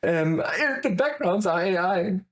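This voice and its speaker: A middle-aged man with a German accent, a guest in casual chat who rambles excitedly from tangent to tangent. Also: high-pitched, a little slow.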